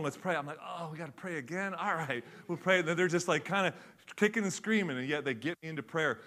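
A middle-aged man preaching a sermon, telling stories with lively acted-out voices that swing from loud to hushed. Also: on the high side. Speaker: pastor.

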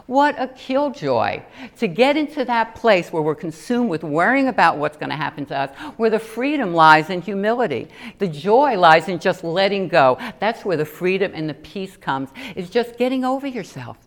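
A middle-aged woman giving an earnest personal testimony in a sermon, telling stories with animated asides. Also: mid-range voice, moderate pace, hardly any pauses. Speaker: lay preacher.

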